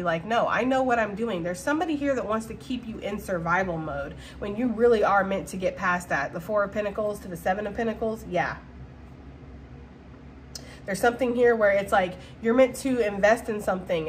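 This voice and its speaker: A woman giving a casual, slangy tarot reading to her viewers, talking in an animated way with frequent laughter. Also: mid-range voice, a little hiss or hum. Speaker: tarot reader.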